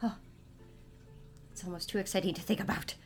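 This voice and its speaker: A woman's voice: mid-range voice, fairly even intonation, a little fast, faint music behind. A woman talking casually to her viewers, confiding about her family and her faith. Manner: chatty, confessional, talks about faith. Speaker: vlogger and mother. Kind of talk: casual confiding vlog chat.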